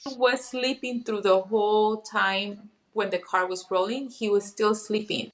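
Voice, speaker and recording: A woman's voice: medium pitch, steady tone, a little slow. A middle-aged woman, a hypnotherapist, telling a personal story in a casual interview, acting out the voices of people she quotes. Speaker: hypnotherapist guest.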